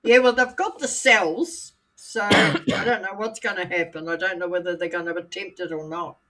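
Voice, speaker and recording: A woman's voice: fairly low pitch, normal speed, sharp tone. New Zealand woman with a Scottish lilt. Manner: chatty, laughs often. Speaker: co-host. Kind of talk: casual livestream chat.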